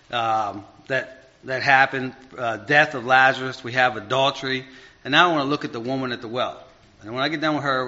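A male preacher gives a loose, conversational sermon full of fillers, restarts, and asides. His bright, forceful voice swings widely in pitch and volume, rising to emphasis and dropping to quiet murmurs. The dull, lo-fi recording softens the top end.

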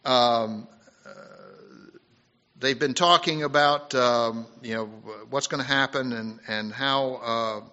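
Male preacher, swinging loud to hushed. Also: medium pitch. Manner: halting, with many fillers and restarts. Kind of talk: sermon. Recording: dull lo-fi recording.

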